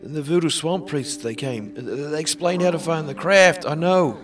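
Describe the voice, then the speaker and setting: A man doing a comic impression of a muddled old American president, rambling and halting. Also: on the high side, far from the mic, over music, natural voice.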